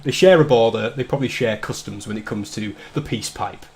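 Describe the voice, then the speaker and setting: A man's voice: lowish voice, brisk, darkish tone. Joking, swearing man hosting a stream. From north of England. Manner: swearing, joking banter with frequent laughs. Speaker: livestream host. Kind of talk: casual drinking-stream chat.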